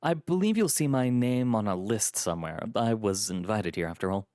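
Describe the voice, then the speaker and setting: A man's voice: fairly low pitch, expressive, normal speed, darkish tone, no room sound, studio quality, close to an everyday voice. A man doing a sly, smirking trickster. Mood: breezy. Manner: mock-polite, teasing. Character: sly smirking male trickster, young adult.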